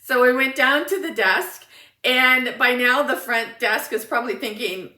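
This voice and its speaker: A woman with a high voice shares a personal story as a motivational speaker, animated and enthusiastic. The sound is in an echoey room. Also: measured pace, far from the mic.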